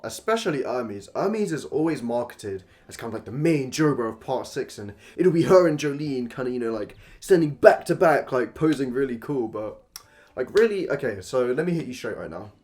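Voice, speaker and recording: A man's voice: medium pitch, darkish tone. A man giving a casual, opinionated review monologue about a manga, blunt and profane, swinging between rants and gushing.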